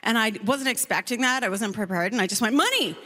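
A woman comedian performing a stand-up set on stage, telling a story in a lively, conversational way. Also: fairly high pitch, fast talker, long reverb tail.

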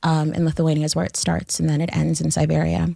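A young woman speaks in a low, dry, close-miked voice. She is earnest and thoughtful in casual conversation, often pausing on ums and likes as she works through her ideas. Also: completely flat delivery, vocal fry, mellow, no room sound. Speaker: guest discussing a book.

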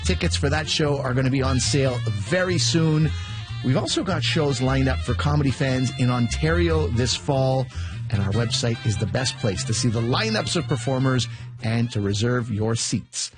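A man's voice: mid-range voice, normal speed, music in the background. A man hosting a comedy show, reading upbeat promotional announcements. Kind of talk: scripted announcements.

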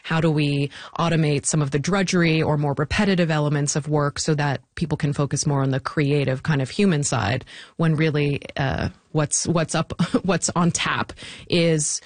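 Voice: mid-range voice, normal speed, dry recording. Thoughtful interview guest, dry close sound. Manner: thoughtful, animated, with restarts and short laughs. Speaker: interview guest, technology policy commentator. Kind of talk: conversational interview.

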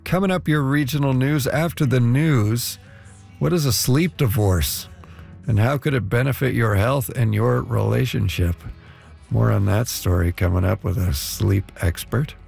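A man's voice: medium pitch, unhurried, creaky, a little mellow, soft background music. A man hosting a radio show, previewing what is coming up in an upbeat promo delivery.

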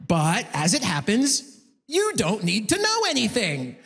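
A male stand-up comedian, performing a set in a large concert hall, lively and jumping into voices. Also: high-pitched, a little slow, creaky, slightly rough. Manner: animated, jumps into voices. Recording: live hall reverb. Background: audience laughter.

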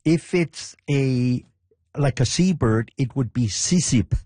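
A man's voice: mid-range voice, takes it slowly, warm tone, dry recording. A man being interviewed, patiently explaining and repeating words from his language. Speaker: interview guest. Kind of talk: casual interview.

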